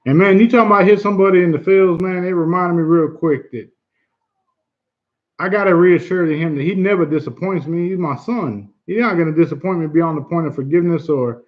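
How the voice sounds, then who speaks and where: A man's voice: on the high side, brisk, dull audio. A man hosting a casual livestream chat, earnest and blunt, who swears easily and repeats himself for emphasis. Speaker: livestream host.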